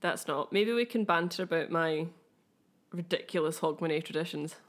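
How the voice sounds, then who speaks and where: A woman's voice: deep voice, moderate pace. A woman co-hosting a podcast in casual chat, teasing and laughing often. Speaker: podcast co-host.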